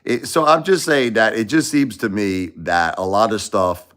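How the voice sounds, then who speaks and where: A man hosting a casual opinion livestream, rambling and repeating himself in an animated way. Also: on the low side, normal speed. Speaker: livestream host.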